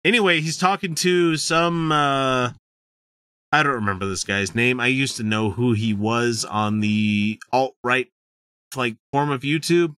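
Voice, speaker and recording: A man's voice: mid-range voice, measured pace, clear, resonant tone, dry recording, clean studio sound. A man hosting a casual commentary podcast, swearing freely and joking as he sets up clips. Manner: profane, joking and lively. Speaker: podcast host.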